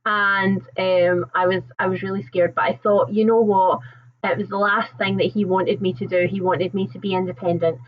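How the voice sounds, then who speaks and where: A woman's voice: mid-range voice, little pitch movement, moderate pace, highs cut off. A young woman hosting a casual live chat, telling stories in a rambling, chatty way and laughing often. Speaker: livestream host.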